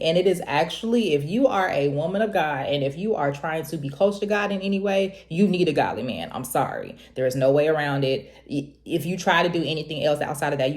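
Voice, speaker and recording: Animated young woman, mellow low voice. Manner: animated, preachy, laughs often, jumps high when quoting herself. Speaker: vlogger. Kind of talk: casual confessional talk to camera.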